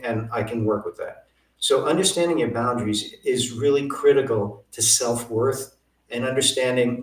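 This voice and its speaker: A man's voice: mid-range voice, reverberant, far from the mic, low-quality recording. A man telling stories as an interview guest, acting out the dialogue he quotes. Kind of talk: storytelling interview.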